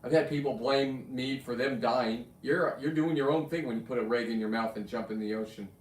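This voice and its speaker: A man who is a spearfisher and taxidermist hosts a casual livestream, chatting and rambling with restarts and friendly asides. His mid-range voice moves a little fast, picked up by a distant mic in a roomy space with slight background noise.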